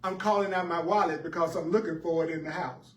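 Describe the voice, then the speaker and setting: A man's voice: on the high side, steady tone, fast. Repetitive, emphatic male spiritual teacher. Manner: repetitive, emphatic, preacher-like cadence. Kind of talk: spiritual teaching talk to a class. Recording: echoey room heard from a distance.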